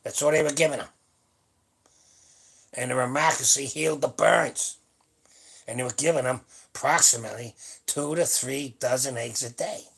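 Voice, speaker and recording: An older man in his seventies talks on a live stream in a gravelly, husky voice. His manner is blunt and rambling, with salty asides, and his pitch sits in a middle range. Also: moderate pace, pauses often, a bit bright. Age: 70s. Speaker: powerlifting channel host. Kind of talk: casual livestream chat. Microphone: webcam or phone on a live stream.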